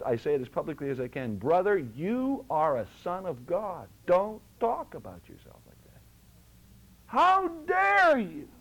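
A man preaching from the pulpit with a high, lively voice. He swings between ringing exhortation and hushed, low asides, and his pitch leaps up and down all the time. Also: poor audio. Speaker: pastor. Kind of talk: sermon.

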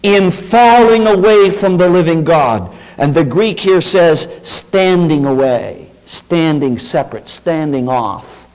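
A man preaching an expository sermon, slowing down to stress quoted scripture. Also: mid-range voice, a little mellow, poor audio. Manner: emphatic, slows down on quoted scripture.

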